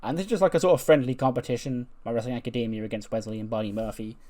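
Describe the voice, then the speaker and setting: Male game commentator, mid-pitched, laughs a lot, slips into voices for the characters. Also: racing, a little mellow. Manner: acts out dialogue in put-on voices, laughs often. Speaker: gameplay commentator. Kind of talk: casual game commentary with acted-out dialogue.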